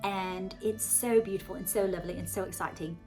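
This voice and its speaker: A woman's voice: medium pitch, steady tone, a little fast, darkish tone, faint music behind. A woman in her forties with a Southern American accent put on as British RP, rambling chattily and effusively to her viewers. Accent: American Southern with a put-on British RP polish. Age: 40s. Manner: gushing, effusive, chatty with many fillers. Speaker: author and vlogger. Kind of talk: rambling casual monologue to viewers.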